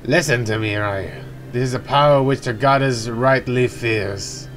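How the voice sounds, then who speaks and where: A man's voice: medium pitch, measured pace, a bit bright, faint music behind, lightly acted. Man voicing a solemn ancient elder. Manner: grave, formal, ceremonial delivery. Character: solemn ancient male elder bestowing power.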